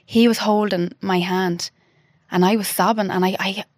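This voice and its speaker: A woman in her thirties, a podcast guest telling an emotional personal story. She talks haltingly, with restarts and quoted dialogue. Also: mid-range voice, fairly even intonation, no room sound, clean studio sound.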